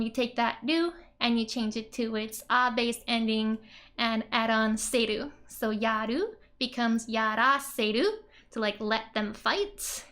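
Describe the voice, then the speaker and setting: A woman's voice: a little high, a bit bright. A woman explaining Japanese grammar in a casual lesson, chatty and giggly, with many "like" and "um" fillers. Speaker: Japanese language teacher.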